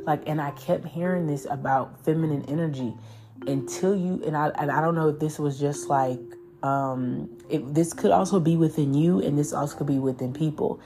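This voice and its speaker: Low-voiced animated woman tarot reader. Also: moderate pace, over music. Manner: profane, animated, acts out spirits' voices. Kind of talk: casual spiritual reading.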